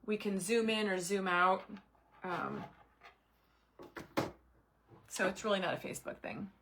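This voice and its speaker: A woman's voice: mid-range voice, steady tone, measured pace, fairly bright tone, a little hiss or hum. A middle-aged woman hosting a craft livestream, chatting with viewers by name while she works and muttering to herself as she concentrates. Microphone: camera mic at desk.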